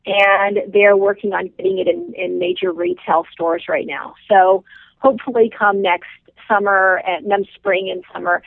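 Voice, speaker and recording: A woman's voice: mid-range voice, creaky, dry recording. A woman guest tells her story with passion and emphatic repetition. Her voice comes through a tinny phone connection. The sound is dry, with no room around it. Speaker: business owner guest. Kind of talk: podcast interview, emotional storytelling. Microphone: phone call.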